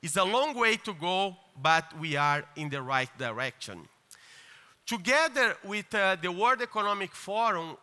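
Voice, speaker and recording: A man delivers an earnest keynote in a large conference hall. His voice sits high and sounds very bright. A long hall reverb trails each phrase. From Brazil. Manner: earnest, with hesitant fillers and restarts. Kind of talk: formal conference speech.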